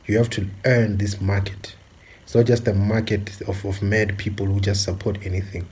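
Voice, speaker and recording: A man from South Africa delivering a forceful, repetitive monologue with many filler pauses. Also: fairly low pitch, level tone, slightly rough. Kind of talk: impassioned monologue.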